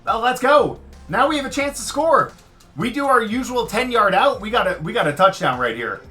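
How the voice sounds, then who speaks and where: A man giving live commentary over his own football video game, swinging from muttered frustration to loud excitement. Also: very high voice, normal speed, faint music behind. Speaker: gaming commentator.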